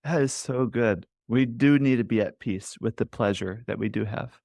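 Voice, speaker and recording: A man's voice: medium pitch, normal speed, vocal fry, a little mellow, no echo. A man hosting a podcast interview, affirming and asking questions with frequent agreement. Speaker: podcast host.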